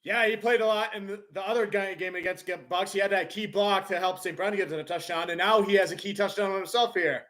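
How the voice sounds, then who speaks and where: A man with a high voice calls a football game as a fan on his own live stream. He narrates each play in casual play-by-play and breaks into loud cheers when his team scores. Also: a little fast, few pauses. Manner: excitable, bursts into loud cheers.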